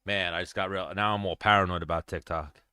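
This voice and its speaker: A young man hosting a casual stream, with a low, smooth, resonant voice that stays bright and crisp. He talks bluntly, swears freely and rambles, close to the mic in a dry room. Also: fairly even intonation, brisk, no echo. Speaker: show host. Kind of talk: casual livestream chat.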